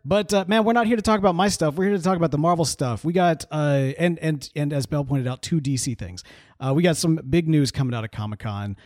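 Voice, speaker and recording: A man co-hosting a podcast in casual chat, animated and quick to laugh, often restarting his sentences. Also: on the high side, no room sound, clean studio sound. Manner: animated, laughing, self-interrupting. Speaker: podcast co-host.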